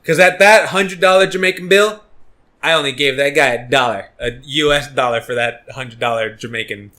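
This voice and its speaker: A man's voice: medium pitch, moderate pace, pushed and bright. A man telling a story in casual podcast chat, rambling with many fillers and restarts. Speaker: podcast co-host.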